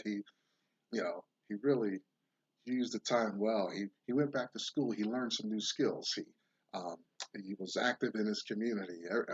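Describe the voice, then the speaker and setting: A man's voice: on the low side, slightly rough, muffled recording. A man hosting a casual monologue, rambling into a folksy parable and now and then doing voices for its characters. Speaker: podcast host.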